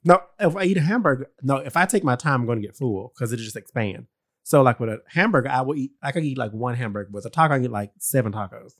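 A man's voice: mid-range voice, quick pace, dry recording, clean studio sound. A man co-hosting a casual chat who laughs often and protests playfully.

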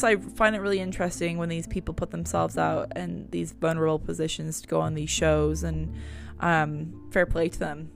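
A young woman rambles through podcast updates in a casual, chatty way, her voice low-set with a gravelly fry at the ends of phrases. A little music sits faintly underneath. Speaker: podcast host. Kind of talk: casual chat. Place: at home.

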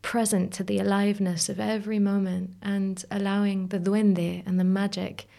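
A woman's voice: mid-range voice, little pitch movement, moderate pace, gravelly, dark tone. A woman guest in a reflective conversation, musing and searching for words, sometimes dropping to a whisper. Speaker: podcast guest.

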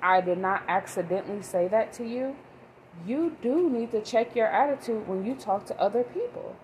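A woman's voice: on the high side, lively intonation, moderate pace, darkish tone, a little hiss or hum, rough recording. A woman vlogging about her day as a mother, talking in a rambling, emphatic way. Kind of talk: casual monologue.

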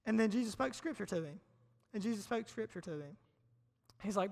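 A man preaching a casual, humorous sermon to a live audience, energetic and chatty, repeating phrases for emphasis. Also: high voice, fairly quick, vocal fry, long pauses. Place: large hall before a live audience. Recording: long hall reverb.

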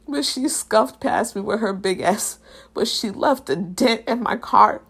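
A young adult woman hosting a podcast, telling a personal story in a blunt, animated and profane way. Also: a little high, a little slow, creaky, husky. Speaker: podcast host. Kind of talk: casual storytelling.

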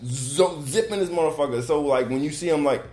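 A man telling stories in casual podcast chat, animated, slangy and profane. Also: a little high, brisk. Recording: roomy with faint noise.

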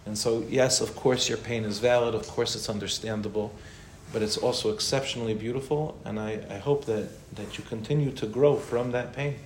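Rabbi in a roomy, echoey hall. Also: male voice, mid-range voice, fairly even intonation, fairly quick, hardly any pauses. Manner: conversational, with Hebrew and Yiddish terms. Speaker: rabbi answering questions. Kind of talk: informal Torah class. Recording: roomy echo with faint noise.

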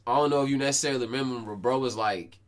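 Slangy young man telling stories. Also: medium pitch. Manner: slangy, profane storytelling with quick restarts. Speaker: podcast host. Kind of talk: casual chat.

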